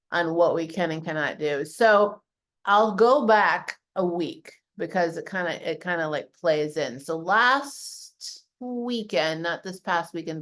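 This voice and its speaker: A middle-aged woman with a Southern US drawl talks loosely to her fitness group. Her voice sits a little low for a woman, and she rambles through a story with plenty of fillers and restarts. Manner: chatty storyteller with many fillers. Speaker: fitness coach. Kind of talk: casual group call talk.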